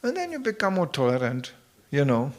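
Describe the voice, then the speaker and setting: A man's voice: fairly high pitch, wildly swooping pitch, a little fast. A man giving a devotional scripture lecture in a humorous, conversational way, full of anecdotes.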